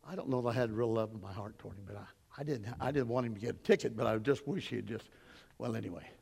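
A man preaching a sermon, telling stories, his voice swelling loud and high and then dropping low. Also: quick pace, creaky, slightly rough, in a large hall. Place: church sanctuary.

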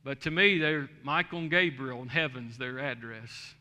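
A man's voice: mid-range voice, moderate pace, pushed and bright. A middle-aged man, a pastor, telling a story in a sermon and building to a fervent preaching cadence, in a church sanctuary.

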